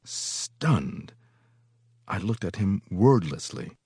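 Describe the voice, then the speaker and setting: Deep-voiced man reading a novel aloud. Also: slow pace, husky, no echo, studio quality. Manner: expressive first-person narration.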